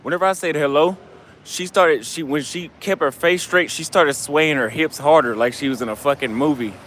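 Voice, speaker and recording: A man's voice: on the high side, normal speed, fairly bright tone, slight background noise. A man vlogging outdoors on a city street at night into a handheld camera. He is a little tipsy and out of breath, and he rambles loosely and profanely, often trailing off mid-thought. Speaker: travel vlogger. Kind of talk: casual street vlog monologue.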